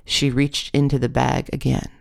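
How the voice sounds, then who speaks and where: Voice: medium pitch, little pitch movement, moderate pace, vocal fry. A narrator reading a comic memoir aloud in a wry, self-deprecating way.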